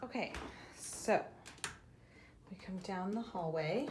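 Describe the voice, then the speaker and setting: A woman's voice: mid-range voice, slow pace, noisy background. A young woman vlogging casually to a handheld camera, chatty and full of fillers, gushing with feeling. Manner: chatty, with many fillers and restarts; gushing and tearful over baby things. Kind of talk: casual vlog chat.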